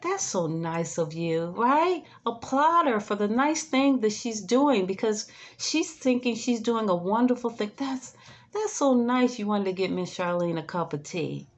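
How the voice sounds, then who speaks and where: A woman caregiver giving casual advice, chatty, tagging her sentences with "right?" and "okay?", sometimes dropping to a soothing hush. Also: fairly high pitch, measured pace. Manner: soothing, drops to a hush when modeling calm words. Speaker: in-home caregiver. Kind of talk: casual advice talk to camera.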